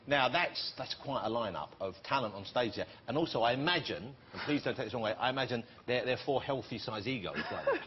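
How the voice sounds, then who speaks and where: A man's voice: medium pitch, lively intonation, a little hiss or hum. A middle-aged man hosting a talk show, playful and jokey, teasing his guest. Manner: playful, jokey, quick, often laughing. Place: TV studio with live audience. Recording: dull TV sound with loud studio audience.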